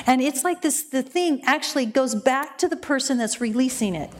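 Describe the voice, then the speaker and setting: A woman minister telling a story in a lively, humorous way and acting out the voices of the people in it. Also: high-pitched, moderate pace, hardly any pauses. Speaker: inner healing minister. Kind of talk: storytelling talk.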